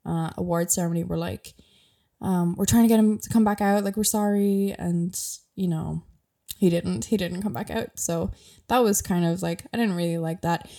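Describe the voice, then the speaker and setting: A young Irish woman hosts a podcast, chatting casually and rambling with plenty of fillers. Her voice sits on the low side, warm in tone with vocal fry.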